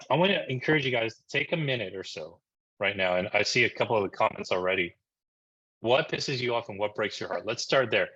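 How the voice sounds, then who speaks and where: A man from New Jersey giving a live marketing presentation on a video call, energetic and conversational, often checking in with "right?". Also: medium pitch, breathy edge, dull audio. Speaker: marketing coach presenting a webinar.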